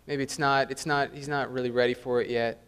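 A young adult man preaching a sermon, animated, acting out the voices he quotes. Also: medium pitch, a little fast, clear, resonant tone. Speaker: pastor.

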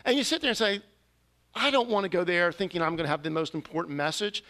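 Guy preaching a sermon, high bright voice, earnest confessing story, gets loud on key lines. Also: fast talker. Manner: earnest, confessional storytelling with sudden emphatic rises. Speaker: pastor.

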